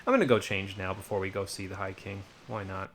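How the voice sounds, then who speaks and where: A man's voice: sits low, fairly even intonation, quick pace, fairly bright tone, a little hiss or hum. A man giving casual, rambling commentary while playing a video game, with wry muttered asides. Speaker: let's play streamer.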